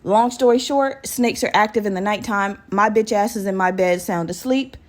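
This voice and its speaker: A young woman in her twenties talks straight to her listeners in a casual solo podcast. She is chatty and candid, with plenty of swearing. Her voice sits at an ordinary pitch for a woman. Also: normal speed. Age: 20s. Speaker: podcast host. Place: her bedroom at home.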